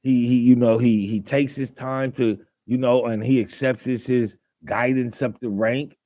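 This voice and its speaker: A man's voice: medium pitch, fairly even intonation, measured pace, mellow, no echo. A man hosting a casual commentary monologue, rambling with fillers and restarts, asking rhetorical questions and mock-quoting others. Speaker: podcast host.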